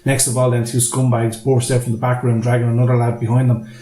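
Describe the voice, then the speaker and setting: A man's voice: mid-range voice, little pitch movement, quick pace, dark tone, reverberant. A man co-hosting a casual movie podcast, telling a long film plot in a rambling way and swearing freely. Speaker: podcast co-host.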